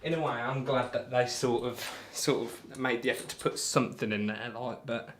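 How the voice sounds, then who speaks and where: A man's voice: mid-range voice, fairly even intonation, normal speed, fairly bright tone, a little hiss or hum. A man chatting casually on a live stream, reading out viewer comments and bantering between darts throws in a rambling, friendly way. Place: home room while throwing darts.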